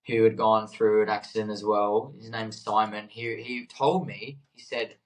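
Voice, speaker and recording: A man's voice: on the low side, level tone, normal speed, poor audio. A young man co-hosting a podcast, speaking casually and hesitantly, with lots of fillers and easy laughter. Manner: hesitant, many fillers and restarts, laughs easily. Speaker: podcast co-host. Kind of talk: casual chat.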